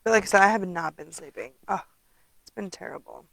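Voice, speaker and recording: Chatty woman with a gravelly edge. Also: mid-range voice, brisk, background noise. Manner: chatty, rambling, many ums. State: tired, yawning. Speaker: papercraft demonstrator. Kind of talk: casual craft tutorial chat.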